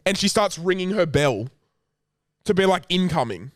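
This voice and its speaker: Aussie podcast co-host, higher-pitched, lively, cusses as he tells it, dry studio sound. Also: normal speed, dry recording. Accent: Australian. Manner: swears freely, animated storytelling. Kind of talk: casual chat.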